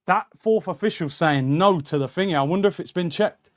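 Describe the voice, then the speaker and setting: This high-pitched, fairly quick male voice belongs to a young man running live watchalong commentary of a football match. He reacts heatedly over a streaming mic and addresses viewers as lads and bro.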